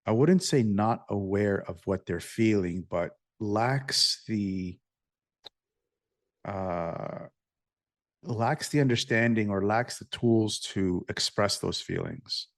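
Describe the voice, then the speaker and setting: A man with a lowish voice hosts a relaxed interview, cracking jokes and then asking thoughtful open questions. The recording is dry and close, with no room sound around him. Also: slow, dry recording. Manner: joking, laid-back, asks open questions. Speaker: podcast host. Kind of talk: casual interview conversation.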